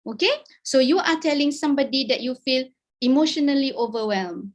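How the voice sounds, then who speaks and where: Malaysian woman speaker, high voice, encouraging webinar lecturer, code-switches, video call. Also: lively intonation, fairly quick. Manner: encouraging, mixes English and Malay, frequent "okay?". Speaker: guest speaker. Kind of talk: webinar talk.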